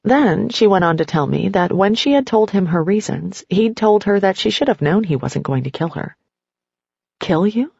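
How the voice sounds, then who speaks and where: A woman narrating a nonfiction audiobook, telling a story in the second person in a steady way. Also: mid-range voice, moderate pace, vocal fry, hardly any pauses, husky, no room sound, highs cut off.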